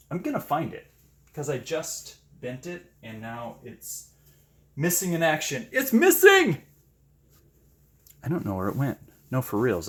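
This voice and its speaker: A man chatting casually while he paints, gushing with excited exclamations and making self-deprecating asides. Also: mid-range voice, breathy edge. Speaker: paint-pouring channel host.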